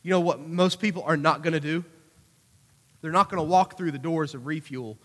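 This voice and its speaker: A man preaching a conversational youth sermon, animated, with acted-out asides. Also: fairly high pitch, moderate pace. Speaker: youth pastor. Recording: hall reverb.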